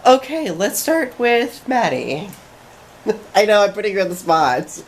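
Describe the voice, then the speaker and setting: A woman's voice: mid-range voice, big pitch swings, measured pace, slight background noise, rough recording. A young woman hosting a casual vlog, playfully prompting her friends to share. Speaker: vlog host. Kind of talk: casual chat.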